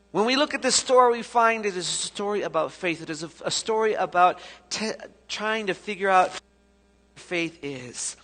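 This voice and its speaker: A man preaching a sermon as pastor, telling the story with sudden shifts between loud and soft. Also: sits high, animated, normal speed. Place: church sanctuary. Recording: echoey church hall.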